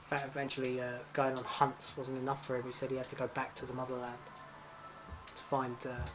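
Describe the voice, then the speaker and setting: A man playing a hesitant, flat-voiced English brother. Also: mid-range voice, over music, close to an everyday voice. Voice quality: hesitant, halting with many fillers. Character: weary English brother of a madman. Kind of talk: mockumentary interview.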